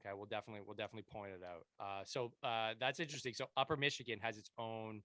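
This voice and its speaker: A man's voice: lowish voice, steady tone, very fast, pushed and bright, no room sound. A man in his thirties with a Canadian accent, hosting a casual podcast interview from his basement, chatty and rambling, often repeating words. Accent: Canadian English. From Montreal, Canada. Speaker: podcast host. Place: home basement.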